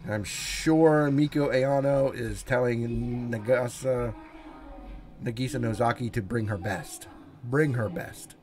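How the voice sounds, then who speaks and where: A man's voice: mid-range voice, takes it slowly, darkish tone. Guy doing fan commentary for wrestling, hyped and chatty, talks right to the viewers. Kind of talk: solo play-by-play commentary.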